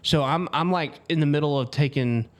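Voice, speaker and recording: A man from the United States co-hosting a podcast, chatting casually and telling stories with quick asides. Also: fairly high pitch. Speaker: podcast co-host. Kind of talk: casual chat.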